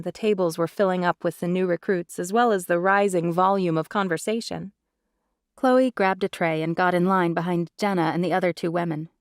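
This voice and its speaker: A woman narrating a romance audiobook in an even, measured read on a close mic. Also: lowish voice, no echo.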